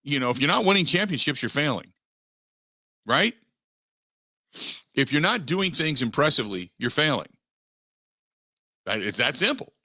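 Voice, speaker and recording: A man hosting a sports talk radio show, giving opinionated takes in an emphatic way that climbs in pitch as he gets worked up. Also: sing-song, normal speed, pauses often, bright, forceful tone, no echo, clean studio sound. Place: radio studio. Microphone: studio microphone.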